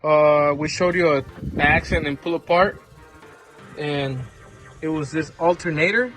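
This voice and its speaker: A man's voice: fairly high pitch, measured pace, a bit bright, soft background music. A man mechanic talking casually as he walks through a car repair, explaining parts and prices in a plain, informal way. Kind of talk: casual how-to repair vlog.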